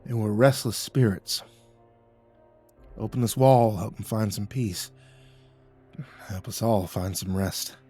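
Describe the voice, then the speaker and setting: A man voicing a gruff older rural uncle, hard and weary, who talks slowly, low and drawling. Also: mellow, faint music behind. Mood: grim.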